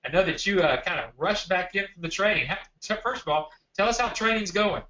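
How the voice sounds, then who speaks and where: A man's voice: sits high, a little fast, sharp tone. A man hosting a live webinar, speaking casually and addressing viewers directly. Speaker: webinar host. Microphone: video call. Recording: dull lo-fi video call audio.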